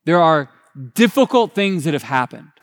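A man with a fairly high voice preaches a sermon from the pulpit. He talks in a loose, conversational way, restarting and correcting himself as he goes. He retells scripture in plain everyday words. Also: sing-song, normal speed. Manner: retells scripture in casual paraphrase. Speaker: pastor.

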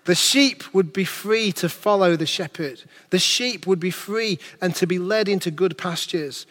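Earnest preacher in reverb. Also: male voice, high voice, measured pace, few pauses, fairly bright tone. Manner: earnest, preaching in rhetorical questions. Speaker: pastor. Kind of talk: sermon.

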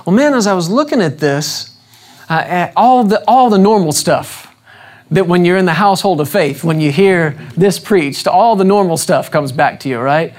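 A man preaching a sermon with a lively, swooping voice that climbs and falls as he drives each point home. He talks emphatically, repeats his questions, and calls on the congregation to answer back. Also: sits high, moderate pace.

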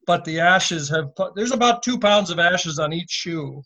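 A man's voice: high-pitched, animated, normal speed, sharp tone. A man who is a podcast guest, recounting a story with amusement and laughing as he talks. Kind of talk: casual storytelling. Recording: dull lo-fi audio.

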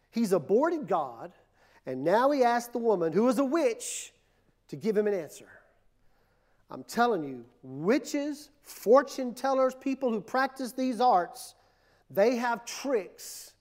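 High-voiced pastor preaching emphatically. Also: male voice. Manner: emphatic, repetitive preaching with dramatic drops and surges. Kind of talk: sermon.

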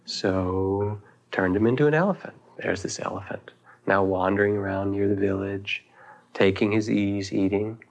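A man giving a dharma talk as a meditation teacher, reflective and unhurried, with thoughtful pauses as he tells a teaching story. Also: fairly low pitch, fairly even intonation.

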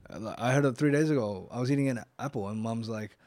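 A man with a mid-range voice hosts a casual podcast conversation, talking fast and chiming in with steady "yeah"s between his own stories. His voice is dry and close to the mic. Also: medium pitch, no echo. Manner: chatty, back-channels "yeah" a lot, drops into quoted anecdotes.

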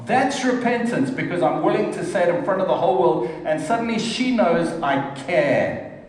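A man's voice: high-pitched, animated, moderate pace. Earnest man preaching in an echoey hall. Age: middle-aged. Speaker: pastor. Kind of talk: sermon. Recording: echoey hall from far off, faint noise.

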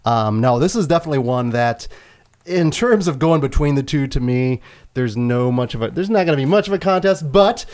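A man hosts a relaxed podcast chat with a mid-range voice. He keeps the talk moving and puts questions to the panel. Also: medium pitch, a little fast. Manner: moderating, asks the panel questions. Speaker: podcast host. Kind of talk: casual podcast discussion.

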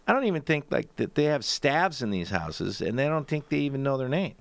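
A man in casual, profane conversation who laughs a lot and acts out stories in loud voices. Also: medium pitch, sing-song, a little fast, gravelly. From grew up elsewhere than the show's city. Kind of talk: crude casual chat.

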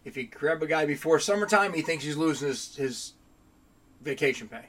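A man who owns a body shop, chatting casually on a podcast and acting out his own stories with lively quoted dialogue. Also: a little high, a little fast. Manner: animated storyteller, acts out dialogue.

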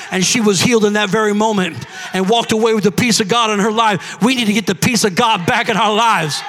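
A man preaching a sermon in a church, fervent and often shouting as he calls out to the congregation. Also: high voice, a little fast, a little hiss or hum.

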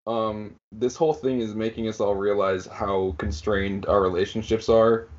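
A man co-hosting a podcast, musing reflectively in a relaxed, filler-heavy chat. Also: lowish voice, normal speed, highs cut off. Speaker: podcast co-host. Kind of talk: casual chat.

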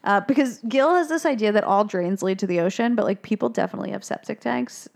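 A young woman co-hosting a podcast, chatting casually as she recaps a film, swearing freely and bursting into high voices for the characters' lines. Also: quick pace, vocal fry, darkish tone. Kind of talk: casual chat.

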